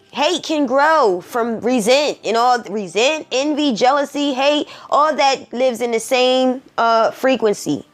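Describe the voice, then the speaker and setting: Emotional, preachy woman with a slow, high voice. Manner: emotional, preachy, repeats herself. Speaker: commentary vlogger. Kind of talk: emotional personal commentary.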